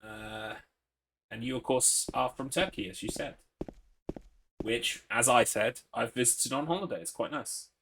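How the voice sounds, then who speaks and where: A man's voice: mid-range voice, unhurried, gravelly, a bit bright, a little hiss or hum. Chatty Englishman streaming a game. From England. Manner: chatty, swears, reads chat aloud and answers it. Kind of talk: casual gaming commentary.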